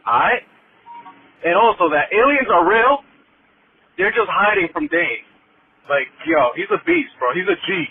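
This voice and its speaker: A man's voice: sits high, very animated, a little slow, pauses often, faint music behind. Slangy man calling in over a phone. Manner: loose slangy street talk. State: driving while calling. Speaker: caller. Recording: tinny phone line with faint noise.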